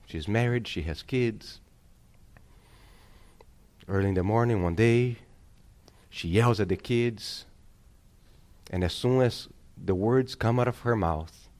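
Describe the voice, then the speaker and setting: A man's voice: on the low side, a little mellow. A male pastor delivering a sermon, preaching emphatically and calling on the congregation for amens.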